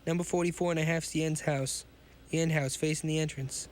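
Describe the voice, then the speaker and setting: A man's voice: on the high side, steady tone, fairly quick, darkish tone, a little hiss or hum, lightly acted. A man doing a folksy, uneasy cab driver. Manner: folksy, hesitant. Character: chatty male taxi driver, superstitious.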